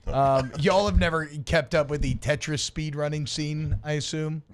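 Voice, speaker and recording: A man co-hosting a sports radio show, his voice sitting a little high. He explains things in loose, rambling chat with restarts. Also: steady tone, normal speed, heavy background noise.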